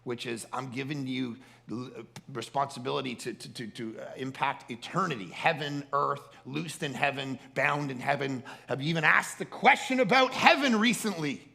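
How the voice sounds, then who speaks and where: Give me a bright, gravelly man giving an animated camp sermon. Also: medium pitch, normal speed, hardly any pauses. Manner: animated, repeats words and restarts often. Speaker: camp speaker. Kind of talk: storytelling sermon.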